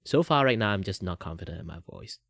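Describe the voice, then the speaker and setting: Fast, animated and a bit bright, a young Malaysian streamer rambles casually while drawing. He leans on filler words and alternates between a low and a higher voice.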